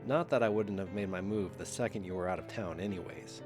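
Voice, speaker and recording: A man's voice: fairly low pitch, expressive, normal speed, pitched below the performer's own voice. A man voicing a joking, laid-back teenage boy who is the narrator's best friend. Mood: teasing. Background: music.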